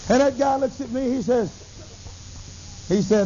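A middle-aged man preaching a sermon, telling a story with lively acted-out dialogue. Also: extremely high pitch, measured pace. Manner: animated storytelling, acts out dialogue, bursts into tongues. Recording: dull lo-fi recording with faint hiss.

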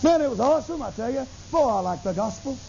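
A middle-aged man preaching a sermon, telling a story with lively acted-out dialogue. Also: extremely high pitch, quick pace, creaky. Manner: animated storytelling, acts out dialogue, bursts into tongues. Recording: dull lo-fi recording with faint hiss.

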